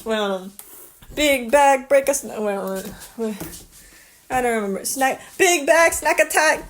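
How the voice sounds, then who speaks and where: High-voiced young woman telling a rambling story. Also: slow pace. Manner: rambling, swears a lot, laughs often. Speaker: vlogger. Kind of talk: casual vlog storytelling.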